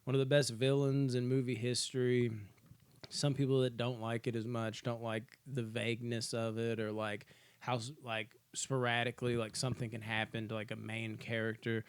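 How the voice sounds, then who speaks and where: A man's voice: mid-range voice, normal speed, clear, resonant tone, dry recording. A man co-hosting a casual movie podcast, talking animatedly and swearing freely as he ranks his favorite films. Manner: animated, swears freely, acts out scenes in put-on voices. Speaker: podcast co-host. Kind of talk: casual movie ranking chat.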